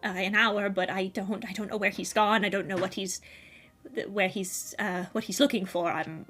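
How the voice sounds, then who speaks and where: A woman voicing a nervous, scarred man with snake eyes who stammers softly and hesitantly. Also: medium pitch, fairly even intonation, normal speed, faint music behind, close to an everyday voice. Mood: anxious. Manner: hesitant, stammering, soft and jittery.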